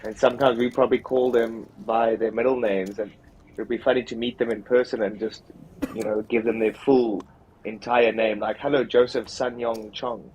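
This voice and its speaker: Easygoing low-voiced poker commentator. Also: male voice, level tone, normal speed, a little mellow, slight background noise, rough recording. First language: English. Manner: easygoing, laughs often.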